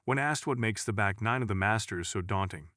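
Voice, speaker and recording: A man's voice: lowish voice, fairly quick, a bit bright, no echo, studio quality. A man reading a sports news article aloud as scripted narration, with dramatic emphasis.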